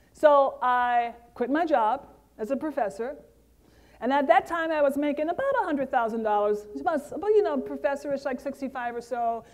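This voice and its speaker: Middle-aged woman with a high voice, from the Caribbean, delivering a lively interactive keynote. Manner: lively, interactive, talks to the audience directly. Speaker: keynote speaker. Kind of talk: motivational keynote speech.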